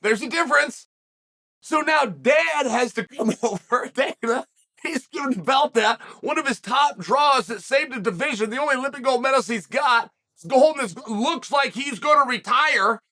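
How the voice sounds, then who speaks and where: A middle-aged man from the western United States, hosting an animated solo commentary and telling the story with emphatic, shouted bursts. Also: very high-pitched, normal speed. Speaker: host.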